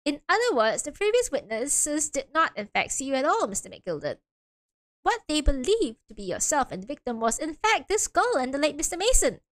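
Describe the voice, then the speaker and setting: A woman's voice: high voice, very animated, a little fast. A woman voicing an earnest, polite young male defense lawyer in clipped, formal courtroom questioning. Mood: firm.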